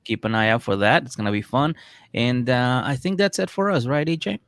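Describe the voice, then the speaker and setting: A man's voice: mid-range voice, fairly quick, dry recording. A man co-hosting a casual comedy podcast, telling stories and acting out quotes with loose swearing. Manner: animated storyteller, acts out quotes, swears. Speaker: podcast co-host.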